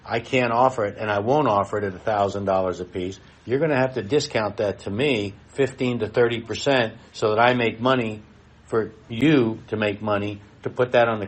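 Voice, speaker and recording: Presenting at a live expo, a middle-aged man with a lowish voice speaks directly to the people in the room. His manner is blunt and folksy.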